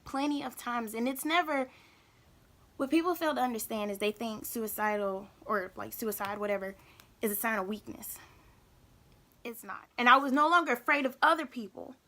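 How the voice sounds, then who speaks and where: A young woman talking openly in a personal vlog, halting and emotional, often repeating herself. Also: fairly high pitch, sharp tone. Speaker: vlogger.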